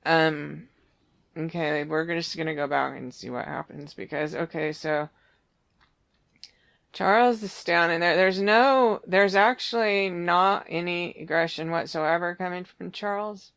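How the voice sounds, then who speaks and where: A psychic medium giving a reading, describing visions in a halting, searching way full of restarts. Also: medium pitch, gravelly, a bit bright, smooth.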